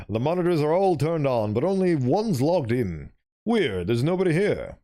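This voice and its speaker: A man's voice: fairly high pitch, warm tone. A young man streaming, reading a visual novel aloud and rambling through commentary with chuckling, self-interrupting asides.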